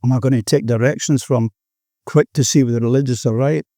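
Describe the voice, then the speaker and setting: Older Australian man, mellow tone, earnest rambling recovery share, dry close sound. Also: medium pitch, steady tone, fast talker, dry recording. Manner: earnest, rambling, peppered with "you know". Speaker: recovering alcoholic sharing his story.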